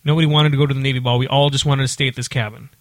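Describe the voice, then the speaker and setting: A man's voice: mid-range voice, flat delivery, very fast, no echo. A man telling a long story in casual chat, with lots of fillers and restarts. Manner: rambling, many fillers and restarts.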